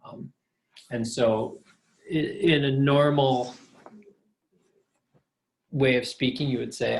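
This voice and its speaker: A middle-aged man lecturing as a professor over a slideshow, relaxed and conversational, with fillers, reading verse slowly to show its rhythm. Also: medium pitch, gravelly. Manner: reads verse lines slowly to show the meter.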